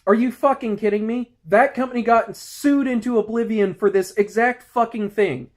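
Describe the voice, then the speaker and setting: A man's voice: sits high, fairly even intonation, normal speed. A man in his thirties, a security guard, ranting angrily in a profane vlog. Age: 30s. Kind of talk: angry vlog rant.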